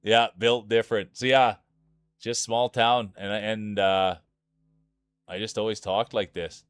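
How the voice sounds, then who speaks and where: A man's voice: lowish voice, flat delivery, a little slow, smooth, no room sound, clean studio sound. A man from Saskatchewan with a thick Saskatchewan Canadian accent, giving playful, hype-man commentary on a live-streamed marble race.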